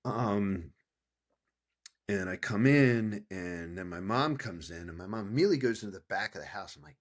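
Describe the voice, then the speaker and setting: Husky low-voiced guy from pennsylvania, 50s, animated storyteller, swears a lot. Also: normal speed. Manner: animated storyteller, acting out quotes, frequent profanity. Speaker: author guest. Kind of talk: casual storytelling interview.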